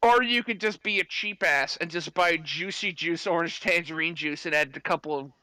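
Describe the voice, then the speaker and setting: A man's voice: a little high, normal speed, pushed and bright, no room sound, poor audio. A man chatting casually as a podcast guest, rambling and swearing. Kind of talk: casual chat.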